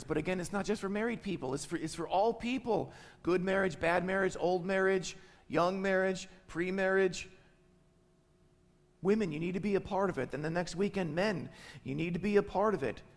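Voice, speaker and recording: Emphatic high-voiced male pastor preaching. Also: normal speed, big-room sound. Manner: emphatic, repeats key phrases, tags lines with "right?". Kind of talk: sermon. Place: church sanctuary.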